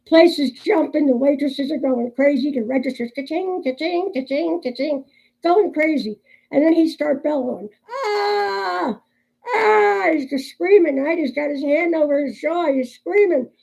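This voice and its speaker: Gravelly older woman vlogger, chatty. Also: sits high, normal speed, rough recording. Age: 60s. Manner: chatty, laughs often, animated storyteller. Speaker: crochet vlogger. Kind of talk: casual chat and joke storytelling.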